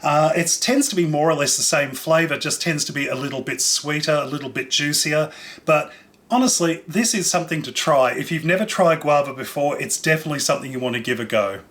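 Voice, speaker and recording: A man with a slightly high voice hosts a relaxed cooking demonstration. He talks in a friendly, chatty way, enthusiastically describing flavours and textures as he tastes. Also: brisk. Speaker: cooking show host. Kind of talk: casual food demonstration.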